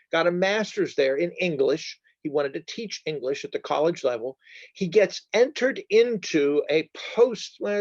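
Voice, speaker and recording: A man's voice: on the high side, a little mellow, dry recording. A man speaks in a slightly raised register, chatty and digressive, stopping to fix his own phrasing as he goes. The recording is dry and somewhat muffled, with little room sound. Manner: chatty, digressive, frequent self-corrections. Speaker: bookseller giving a talk. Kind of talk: informal lecture. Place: church.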